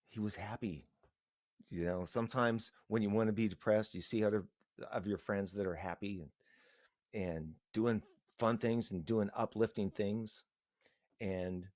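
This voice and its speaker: A middle-aged man talking into a live stream in a casual, earnest, halting way, rambling and restarting his sentences. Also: on the low side, a little mellow, no echo, studio quality.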